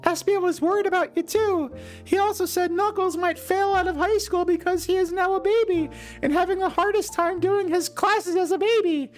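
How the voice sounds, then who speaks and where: Tails, a squeaky young fox. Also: male voice, fairly even intonation, moderate pace, soft background music. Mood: worried. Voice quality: squeaky falsetto. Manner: earnest, plaintive. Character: young male fox sidekick, eager and worried.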